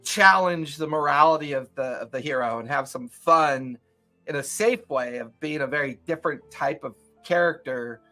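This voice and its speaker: A man's voice: fairly high pitch, moderate pace, pushed and bright, faint music behind. A man in his forties hosting a casual podcast chat, rambling through his points with many fillers. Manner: rambling, lots of "you know" fillers. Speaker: podcast host.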